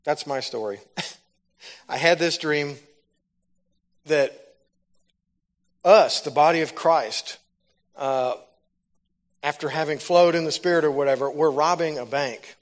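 Guy preaching his testimony, bit higher voice, gets fired up. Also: slow pace, long pauses. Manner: storytelling, rises to loud fervent preaching. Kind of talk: sermon testimony.

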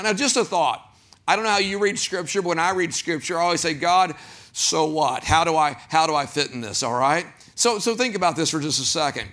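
A man preaching a sermon as pastor, animated, acting out quoted voices and putting questions to the congregation. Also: fairly high pitch.

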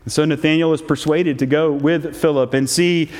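A man preaching a sermon, reading scripture in a measured, solemn way and stressing key phrases. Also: a little high, steady tone, darkish tone. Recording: long hall reverb.

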